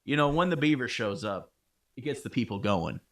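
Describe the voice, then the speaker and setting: A man's voice: mid-range voice, animated, brisk, a bit bright, a little hiss or hum. A man co-hosting a history podcast, joking around in loose casual chat with lots of fillers. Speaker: podcast co-host.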